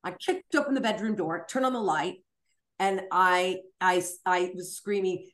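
A woman stand-up comic telling a personal story in a frank, animated way, swearing freely and acting out the voices of the people in it. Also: on the low side, unhurried. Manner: animated, acts out voices and screams in the retelling. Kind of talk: storytelling interview.

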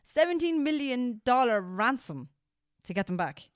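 A young Irish woman co-hosting a podcast in casual chat, animated and swearing freely. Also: fairly high pitch, moderate pace, no echo, studio quality. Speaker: podcast co-host.

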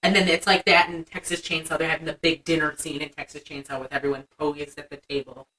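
A woman's voice: deep voice, level tone, fast talker, bright, forceful tone, distant mic, poor audio. A young woman co-hosting a casual chat, animatedly retelling a movie scene and acting out the lines. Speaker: podcast co-host.

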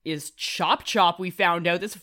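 A woman's voice: lowish voice, pushed and bright. A woman player recapping a tabletop game in casual chat, rambling and swearing freely. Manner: swearing, rambling, quick asides.

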